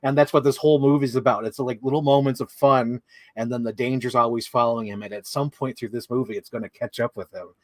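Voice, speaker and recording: A man's voice: mid-range voice, steady tone, quick pace, darkish tone, no echo. A young man co-hosting a casual movie discussion, talking enthusiastically in long run-on lists full of "like". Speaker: co-host.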